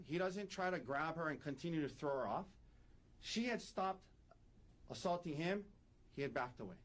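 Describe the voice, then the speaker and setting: A man, a defense attorney, giving an emphatic courtroom opening statement and repeating his key points. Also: fairly high pitch.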